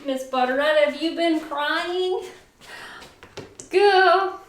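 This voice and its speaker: A woman's voice: sits high, a little slow, pushed and bright, echoey room. A woman hosting a casual cooking vlog, gushing and sing-song as she talks to viewers from her home kitchen. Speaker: cooking show host.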